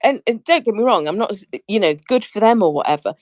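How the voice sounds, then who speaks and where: A woman co-hosting a casual online group chat, talking in a chatty, animated way with lots of asides. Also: medium pitch, fast, no room sound. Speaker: co-host. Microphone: remote audio chat.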